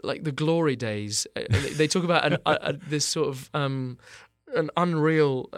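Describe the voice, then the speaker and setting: An English man in his thirties, an actor chatting in an interview with dry, self-mocking humor and many halting fillers. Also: fairly high pitch, no echo. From England. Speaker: actor guest. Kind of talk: casual interview chat.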